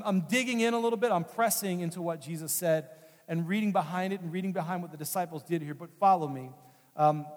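High-voiced pastor preaching in a reverberant hall. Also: male voice. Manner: conversational storytelling, earnest, repeats phrases. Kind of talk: sermon.

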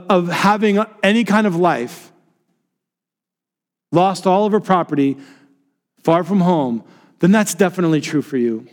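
A man preaching a sermon with passion, dropping to soft low tones for emphasis. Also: in a large hall. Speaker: pastor.

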